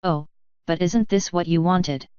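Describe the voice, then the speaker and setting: A woman's voice: on the low side, fairly even intonation, measured pace, darkish tone, smooth, dry recording, muffled recording, close to an everyday voice. A woman reading a sinister mocking doppelganger mare. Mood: taunting. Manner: honeyed, taunting, condescending. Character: sinister fanged female pony doppelganger, mocking.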